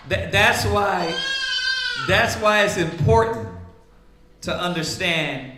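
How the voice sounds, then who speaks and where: A man's voice: sits high, a little slow, echoey room, background noise. A man preaching in a casual, conversational way, often asking "right?" and acting out the voices of the people he quotes. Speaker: priest teaching scripture.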